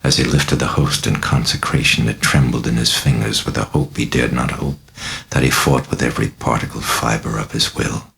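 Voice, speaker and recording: A man reads a dark novel aloud with measured, dramatic gravity. His voice sits extremely low, with a rough, gravelly texture running through the lines. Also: steady tone. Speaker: narrator, author reading own novel. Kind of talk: scripted audiobook narration.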